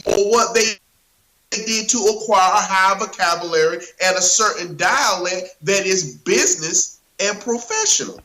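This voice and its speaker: A man's voice: sits high, a little slow, pushed and bright. A man co-hosting a political talk show in casual discussion, emphatic and repeating himself as he searches for words. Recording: roomy echo.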